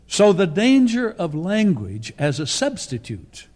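A man preaching in a slightly high voice, his words spaced out by long, deliberate pauses. His sermon rings through a big hall with a long, trailing reverb. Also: very animated, darkish tone. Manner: slow, deliberate delivery with pauses between phrases.

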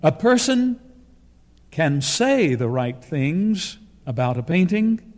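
A man delivering a sermon in a slow, deliberate way, pausing between short phrases. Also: fairly high pitch, darkish tone. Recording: long reverb of a large hall.

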